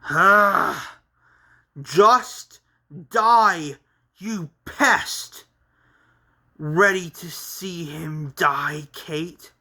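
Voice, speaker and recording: A man's voice: a little high, slow pace, bright, forceful tone. A man voicing a cruel male spirit villain in a manga read-along, taunting and menacing. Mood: spiteful.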